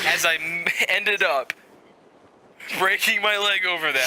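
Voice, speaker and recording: A man's voice: high voice, a little slow, pauses often, heavy background noise. A young man co-hosting a podcast, tossing in sarcastic, crude jokes in casual banter. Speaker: podcast co-host.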